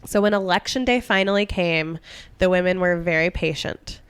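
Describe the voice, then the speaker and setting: A woman's voice: lowish voice, normal speed, smooth, dry recording. A young adult woman co-hosting a comedy history podcast, telling the story casually with jokes and asides. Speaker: podcast co-host.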